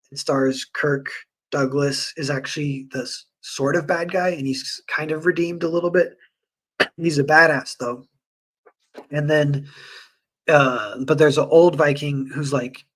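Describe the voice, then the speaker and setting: A man streaming and chatting casually with viewers, rambling with lots of fillers and animated retellings. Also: mid-range voice. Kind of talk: casual livestream chat.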